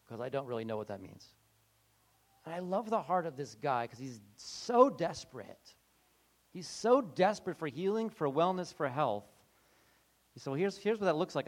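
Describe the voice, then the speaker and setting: A man preaching a conversational sermon, animated and chatty, slipping into quick acted-out voices with frequent restarts. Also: a little high.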